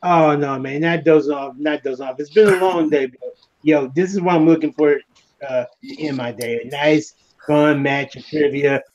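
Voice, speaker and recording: A man competing in a trivia match, talking in an easygoing, mellow way. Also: on the high side, fairly even intonation, normal speed. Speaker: contestant. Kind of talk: casual chat. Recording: dull lo-fi mic.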